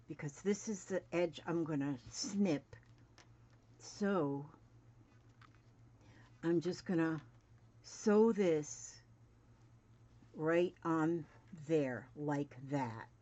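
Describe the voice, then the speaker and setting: Slow, low-voiced woman in her seventies. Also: a little mellow. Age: 70s. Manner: chatty, mutters to herself while working. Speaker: crafting vlogger. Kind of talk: casual sewing demonstration. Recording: dull lo-fi home recording, faint noise.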